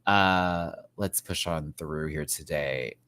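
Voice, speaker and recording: A man giving a casual rant-style review of a show, sassy and animated, laughing often and slipping into mock voices. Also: extremely low pitch, slow pace.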